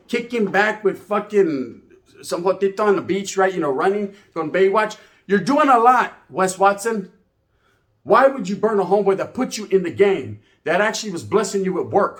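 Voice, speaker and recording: A man's voice: sits high, big pitch swings, moderate pace. A man, telling a story as ranting commentary, full of profane street slang and Spanish words. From California. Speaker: channel host.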